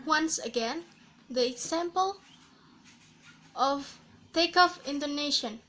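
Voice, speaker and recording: A woman with a high, bright voice gives a class presentation. She reads slowly and carefully, pausing between short phrases. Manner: slow, careful reading with pauses between phrases. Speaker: student presenter.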